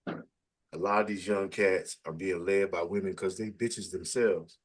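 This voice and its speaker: A middle-aged man with a somewhat low voice leads a casual interview. He speaks in a preachy, emphatic way, and his pitch jumps up sharply whenever he stresses a point. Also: fairly even intonation, a little slow, husky.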